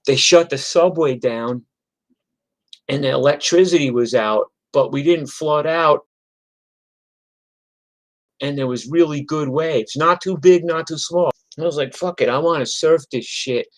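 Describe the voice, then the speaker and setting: A man's voice: medium pitch, low-quality recording. A middle-aged man, a musician telling rambling, profane stories in a casual monologue full of "like" and "you know.". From New York.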